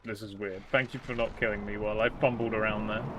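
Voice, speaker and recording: A British man chats casually as he plays on stream. He rambles and pokes fun at himself, scattering "like" through his sentences. Loud constant noise and clicking sit under his voice. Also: lowish voice, little pitch movement, fast. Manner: rambling, lots of "like" fillers, self-deprecating. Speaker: gaming streamer. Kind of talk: casual stream chat while playing.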